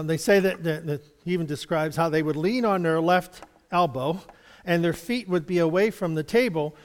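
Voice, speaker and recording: A man's voice: on the high side, clean tone, long reverb tail. A man giving an informal Bible study, chatty and rambling, chuckling often and acting out little exchanges. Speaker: Bible teacher.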